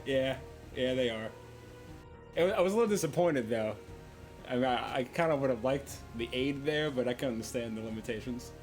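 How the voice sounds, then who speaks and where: A man's voice: mid-range voice, fairly quick, soft background music. A man playing a tabletop game, chatting casually and rambling with lots of fillers. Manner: rambling, full of "like". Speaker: player.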